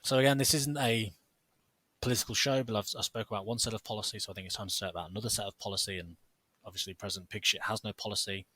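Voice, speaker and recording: A man's voice: lowish voice, fairly even intonation, racing, pushed and bright, dry recording. A man co-hosting a casual podcast, joking sarcastically and reading posts aloud. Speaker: podcast co-host.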